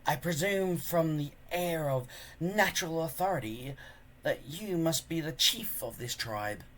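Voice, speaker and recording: A man voicing a charming, scheming stranger in a storybook reading, in a suave, smooth manner. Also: on the high side, expressive, a little slow, a bit bright, voice pushed up.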